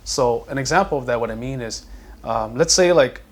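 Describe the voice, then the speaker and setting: A man's voice: mid-range voice, moderate pace. A man, a podcast guest, explaining mental health patiently with examples in a casual conversation. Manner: explains patiently with examples, acts out quoted lines.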